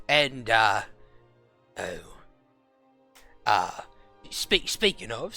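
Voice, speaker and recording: A man narrating as game master, speaking slowly and circling back over his own words. His voice is bright and dry, set against faint background music. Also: medium pitch. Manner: rambling, self-correcting.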